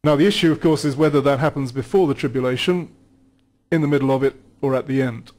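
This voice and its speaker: A man's voice: mid-range voice, quick pace, darkish tone. A man teaching about scripture in a studio conversation, reading passages aloud and explaining them earnestly, with occasional restarts. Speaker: guest Bible teacher.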